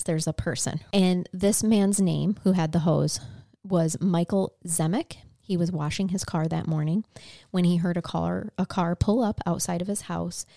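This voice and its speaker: A woman co-hosting a podcast recounts a true crime case earnestly and conversationally, sounding emotionally moved. Her voice is fairly low-pitched with a dark tone. The recording is dry and studio quality.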